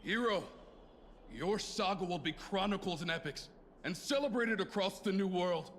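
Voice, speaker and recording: A man's voice: high voice, expressive, moderate pace, a bit bright, slight background noise. A ceremonious townsman. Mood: solemn. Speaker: game character. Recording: game audio with reverb and music.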